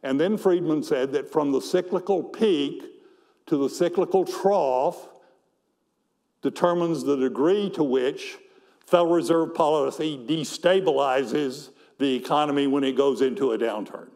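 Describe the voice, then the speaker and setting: Speaking in a large hall, an elderly man walks a conference audience through his economics slides at a steady, deliberate pace, repeating words often. His pitch is fairly high and his tone darkish.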